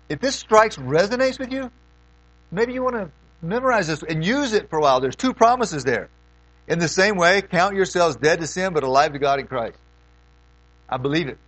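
A middle-aged man preaching a sermon in a folksy way, swinging between loud questions and hushed asides. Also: high-pitched, dry recording, rough recording.

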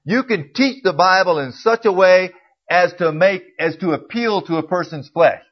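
A man teaching a casual Bible class in a church classroom. He clears his throat often and corrects himself as he goes. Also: high voice, normal speed. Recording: dull lo-fi recording.

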